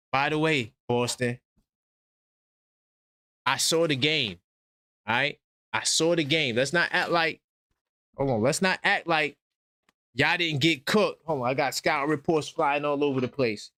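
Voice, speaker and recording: New guy ranting on a sports stream, bright punchy voice, dry close mic, trash talking nonstop. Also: a little high, unhurried, pauses often, no echo. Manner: brash, trash-talking, loud and mocking. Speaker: sports talk stream host. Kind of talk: fired-up live call-in sports rant.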